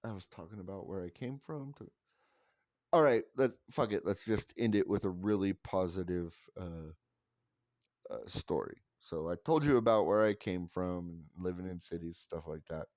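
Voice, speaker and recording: A vlogger in his forties rambles through wry, self-mocking stories in a casual monologue, swearing frequently. His voice sits low with a darkish tone and a normal speed, captured cleanly in a studio with no echo.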